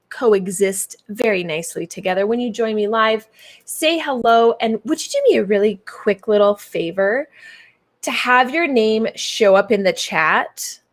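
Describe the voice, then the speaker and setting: Bubbly Canadian woman hosting a livestream. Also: medium pitch. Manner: playful and bubbly, with silly made-up words. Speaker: business coach hosting a livestream. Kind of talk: casual livestream talk.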